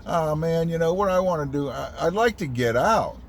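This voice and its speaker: Hikâyeyi anlatan bir adamın canlandırdığı seksenlerinde, rahat ve uysal konuşan yaşlı bir adam; sesi anlatıcınınkinden biraz daha tiz, arkada hafif bir araç uğultusu var. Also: male voice, on the high side, lively intonation, moderate pace, slight background noise, pitched above the performer's own voice. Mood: easygoing. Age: 80s. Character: easygoing elderly man, a cab regular.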